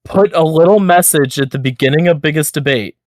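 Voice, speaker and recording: A man's voice: fairly high pitch, a little fast, dry recording. Dry-sounding man, casual podcast chat. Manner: animated, swears freely, repeats words while thinking. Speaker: podcast co-host.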